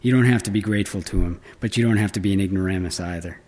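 A man's voice: low voice, very fast, darkish tone, natural voice. A man reading aloud and voicing a gushing, piercing-voiced older woman tour guide who can turn stern. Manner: piercing, gushing, growls when crossed.

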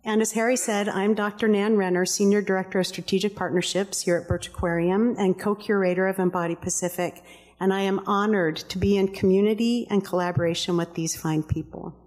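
A woman reading speaker introductions at a public event in a measured, formal way, as host and co-curator. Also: medium pitch, fairly even intonation, darkish tone. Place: aquarium event hall. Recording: long reverb of a hall.

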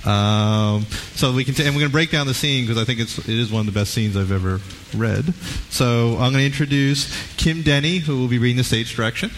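A man's voice: medium pitch, fairly quick, few pauses, a little hiss or hum. A man moderating a live event, upbeat and peppered with fillers.

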